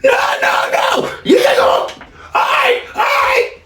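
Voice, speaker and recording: A man voicing his distraught young adult son, who screams in a high, tearful voice. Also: fairly even intonation, takes it slowly, bright, forceful tone, raised voice, far from the mic, some chatter behind, slight background noise, heavily acted. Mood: screaming, tearful. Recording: roomy, from off the mic.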